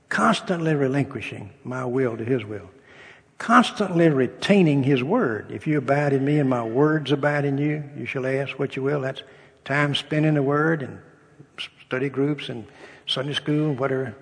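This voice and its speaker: A man's voice: medium pitch, vocal fry, slightly rough. An older man, a pastor, preaching a sermon in a folksy storytelling way, with humor and acted-out dialogue. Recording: long reverb of a hall.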